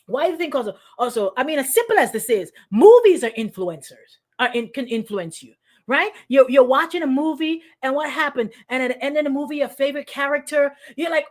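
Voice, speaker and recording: A woman's voice: high-pitched, animated, brisk. A middle-aged woman pastor preaching informally, calling on listeners by name and acting out quoted voices. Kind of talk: informal sermon to an online congregation.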